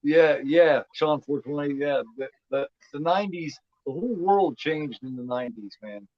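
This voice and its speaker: This movie commentary host, a man in his fifties, talks at a moderate pace in a voice on the high side. He rambles, repeats himself, and leans on "you know what I mean"; the recording has no room sound but a dull, lo-fi quality.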